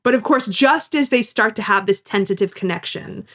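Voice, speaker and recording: Woman co-host, recap chat, mid-pitched voice, keen and animated. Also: normal speed. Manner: enthusiastic, acts out characters' lines while recapping. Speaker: podcast co-host. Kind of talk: casual podcast recap chat.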